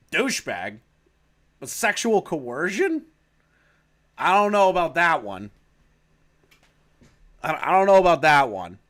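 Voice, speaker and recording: A man's voice: mid-range voice, a bit bright. A man reading aloud from a document and commenting on it in a casual, profane, sarcastic way. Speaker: drama commentary YouTuber.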